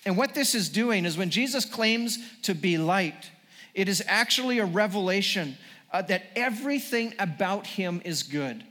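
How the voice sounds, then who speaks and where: High-voiced earnest male pastor preaching. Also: expressive, normal speed, pushed and bright, long reverb tail. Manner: earnest, repetitive restarts, building emphasis. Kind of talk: sermon.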